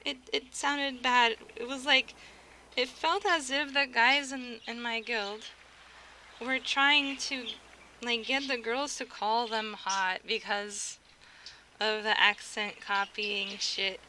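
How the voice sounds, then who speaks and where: Young woman, American accent, higher voice, casual rambling stream chat, laughs often, audible background noise. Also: steady tone, slow pace, bright, forceful tone. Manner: chatty, giggly, self-interrupting.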